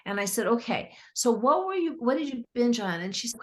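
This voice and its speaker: A middle-aged woman, a therapist and author, telling client stories in a lively conversational way and acting out what clients said. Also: a little high, a little fast. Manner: animated, acts out clients' quotes. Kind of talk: conversational storytelling.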